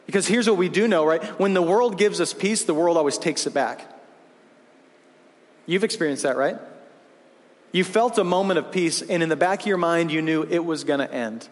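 Male pastor, high-pitched, casual restart-heavy preaching style, recorded in a reverberant church hall. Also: normal speed. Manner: conversational preaching, many restarts and asides. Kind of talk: sermon. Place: church sanctuary.

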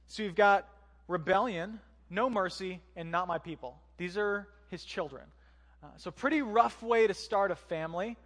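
A man's voice: high voice, a bit bright, long reverb tail. A man giving a conversational sermon as pastor, using joking asides and rhetorical questions.

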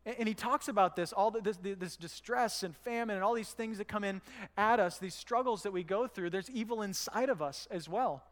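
A man with a high voice preaching a sermon as pastor. He speaks in a conversational way and asks the congregation rhetorical questions. His voice carries a long reverb from the church hall. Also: a little fast, fairly bright tone.

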